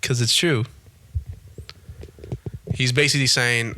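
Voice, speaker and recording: A man's voice: medium pitch, moderate pace, pushed and bright. A young man hosting a podcast in a casual monologue, emphatic and repetitive, swearing freely. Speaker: podcast host.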